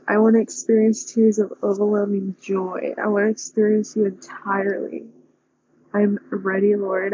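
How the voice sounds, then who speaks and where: A young woman speaking an earnest, pleading personal prayer with a breathy voice. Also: medium pitch, mellow, dull audio, a little hiss or hum. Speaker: vlogger praying aloud.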